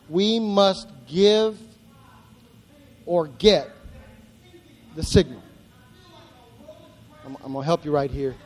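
Male pastor, very high voice, emphatic preaching with repetition, long hall reverb. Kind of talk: sermon. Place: church.

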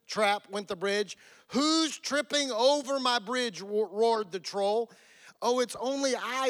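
A man preaching a sermon, retelling a fairy tale in a folksy, animated way, stumbling and repeating words as he goes. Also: high voice. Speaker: pastor. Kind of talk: sermon with a storybook reading.

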